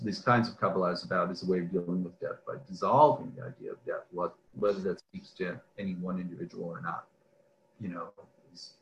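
A man's voice: low-pitched, fairly bright tone. Man teaching an online class, roomy echo, discursive, tags "right?" onto his points. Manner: discursive, often adds "right?" and "um", restarts phrases. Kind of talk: online lecture with questions from the chat. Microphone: video call.

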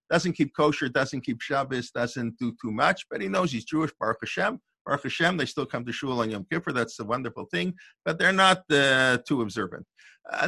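Older man teaching, bright dry voice. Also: a little high, vocal fry, slightly rough, no room sound. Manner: discursive, thinking aloud with restarts and asides. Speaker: rabbi teaching Torah. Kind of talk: informal Torah lesson.

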